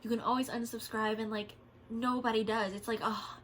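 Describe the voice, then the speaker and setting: A young woman speaking casually in a vlog, her voice sitting a bit on the high side. She rambles and vents openly, with plenty of "like" and "um". A faint hiss runs under the recording. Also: little pitch movement, normal speed, a bit bright. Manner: candid, rambling, vents frustration with frequent fillers. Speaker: vlogger. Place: at home.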